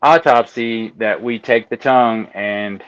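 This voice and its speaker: A man telling stories as a guest in a casual interview, animated and laughing as he talks. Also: mid-range voice, unhurried, smooth, no room sound. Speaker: guest, autopsy technician. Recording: dull lo-fi sound.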